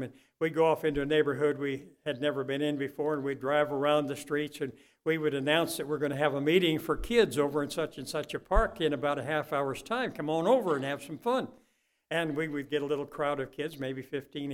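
A man's voice: on the high side, steady tone, a little fast. Older man preaching with folksy fervor. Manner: folksy storytelling preacher, swings from soft asides to loud impassioned peaks. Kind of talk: sermon.

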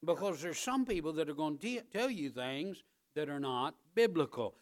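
A male pastor preaching a sermon in church, emphatic and repetitive, building up to loud, driving peaks. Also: on the high side, animated, moderate pace, few pauses.

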